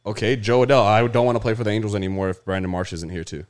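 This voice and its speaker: A man co-hosting a casual sports podcast, brash and crude with quick comebacks. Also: lowish voice, darkish tone, clear, resonant tone. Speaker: podcast co-host.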